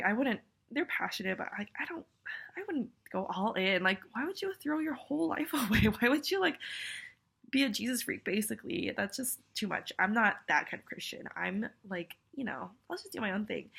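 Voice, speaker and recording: Sniffly young woman, bright gravelly voice. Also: mid-range voice. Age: young adult. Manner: rambling, filler-heavy, self-deprecating and apologetic. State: congested with a cold, sniffly. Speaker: vlogger. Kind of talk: casual video message.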